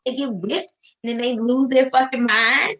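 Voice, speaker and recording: A woman's voice: sits high, normal speed, fairly bright tone, low-quality recording. Blunt, emphatic woman co-host. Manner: blunt, emphatic, repeats herself, swears freely. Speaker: podcast co-host. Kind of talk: casual chat.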